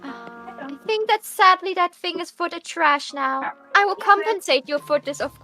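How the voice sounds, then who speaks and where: A woman's voice: extremely high pitch, animated, normal speed, bright, forceful tone, faint music behind, voice pushed up, full character voice. A woman voicing a sweetly courteous young noblewoman who hides her annoyance behind politeness. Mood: sugary.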